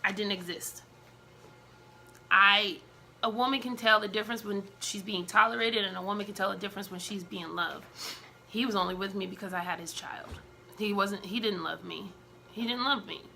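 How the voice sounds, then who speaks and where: A woman's voice: mid-range voice, moderate pace, creaky, sharp tone, slight background noise. A young woman telling a personal story in a casual storytime vlog, candid and emotional, with many fillers.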